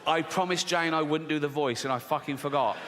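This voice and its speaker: A man's voice: fairly high pitch, a little fast. A middle-aged man doing a live stand-up routine, with a profane, mock-outraged ranting delivery. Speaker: stand-up comedian. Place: theater stage before an audience. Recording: live stage with long hall reverb and background noise.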